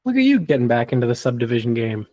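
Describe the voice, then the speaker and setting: Co-host, mellow tone, lively pitch, short casual reactions, live stream chat. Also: quick pace, no echo. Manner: brief reactive interjections.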